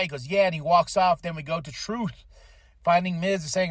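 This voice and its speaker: A man hosting a podcast, giving a casual, animated recap of a wrestling show, often laughing and slipping into quoted voices. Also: high voice, a little fast, no room sound, clean studio sound. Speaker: podcast host.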